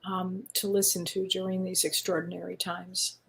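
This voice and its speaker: A woman's voice: on the low side, little pitch movement, normal speed, vocal fry, fairly bright tone, rough recording. A woman talk-show host who reads out viewer questions, a little hesitant and full of fillers. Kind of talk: interview questions.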